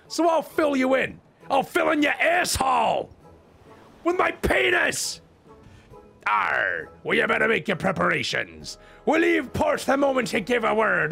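A man's voice: bright, forceful tone, full character voice. A man doing a growling old pirate skipper. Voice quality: gravelly growl. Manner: growls "arr" and drops into rumbling lows. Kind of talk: comedic game voice-over.

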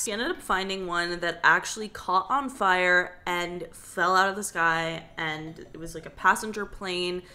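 A woman's voice: mid-range voice, sharp tone. A young woman vlogger casually retelling a spooky story, chatty and dramatic, with lots of fillers. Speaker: vlogger host.

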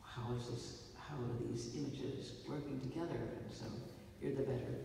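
A woman with a mellow, dark-toned voice tells a loose, wry story from a theater stage. She is heard from far off in a big, echoing hall, with faint noise underneath. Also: rumbling low, steady tone, moderate pace, vocal fry. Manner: wry, rambling storyteller with playful asides. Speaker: filmmaker speaking after a screening. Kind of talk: stage talk to an audience.

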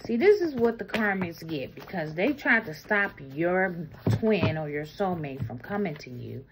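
A woman giving a casual tarot reading, talking bluntly and explicitly, swinging between loud bursts and low murmurs. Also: slight background noise. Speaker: tarot reader.

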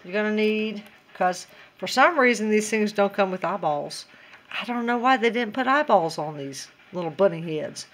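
A woman walks through a craft project in a relaxed, chatty tutorial. She giggles often and talks to herself as she works, in an ordinary mid-range voice. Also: mid-range voice, normal speed. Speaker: DIY craft vlogger.

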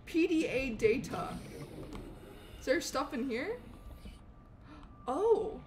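Bubbly young woman streaming a game, high voice that jumps all over, a little hiss behind. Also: takes it slowly. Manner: bubbly, animated, thanks chatters eagerly. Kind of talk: live gameplay stream chat.

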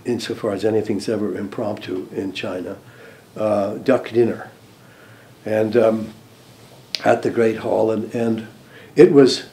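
Slow, low-voiced older American man. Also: steady tone, mellow. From United States. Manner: hesitant, many restarts and ums. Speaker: former diplomat recalling events. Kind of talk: interview recollection.

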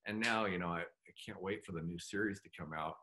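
A middle-aged man speaking as a guest in a casual interview, halting and heartfelt. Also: low-pitched, pushed and bright, slight background noise. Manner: halting, full of fillers and restarts; heartfelt, open about his feelings. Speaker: guest actor.

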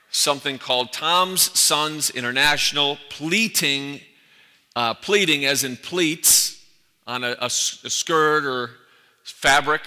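A man's voice: medium pitch, bright, forceful tone. A man preaching a sermon as pastor, earnest and building emphasis through repeated phrases. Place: church sanctuary. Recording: echoey church hall.

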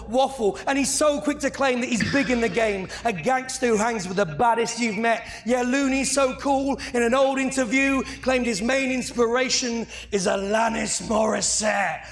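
This is a British-accented man rapping battle verses with a very high voice. He mocks his rival with sarcastic, theatrical delivery. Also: normal speed, gravelly, few pauses, a crowd in the background. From United Kingdom. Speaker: battle rapper.

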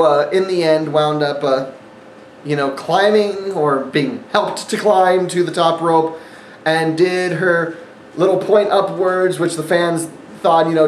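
A man's voice: a little high, reverberant, slight background noise, poor audio. A man hosting a casual wrestling review monologue, sarcastic and rambling, with frequent fillers. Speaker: wrestling event reviewer, channel host.

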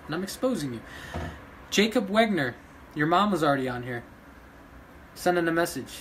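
Man, emotional vlog rant, agitated, pleading, slightly high voice, faint background noise. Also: lively intonation, moderate pace. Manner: agitated, pleading, swings between quiet and loud. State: emotional after crying. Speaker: vlogger running a dog rescue. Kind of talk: emotional ranting vlog to followers.

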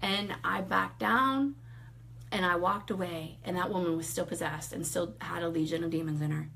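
A woman in her thirties sharing a personal faith testimony in casual conversation, animated, acting out quotes and laughing often. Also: on the low side, normal speed, creaky.

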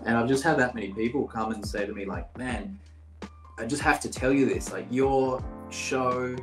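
A man's voice: medium pitch, moderate pace, reverberant, faint music behind, low-quality recording. A man in his thirties from Brazil, an actor guest casually telling stories with lots of filler words over a video call. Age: 30s. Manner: relaxed, rambling, many "like" fillers. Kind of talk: casual storytelling interview.

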